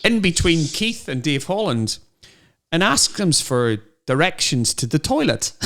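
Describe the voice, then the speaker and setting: A middle-aged man co-hosting a podcast, telling animated anecdotes in casual chat. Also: a little high. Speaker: podcast co-host.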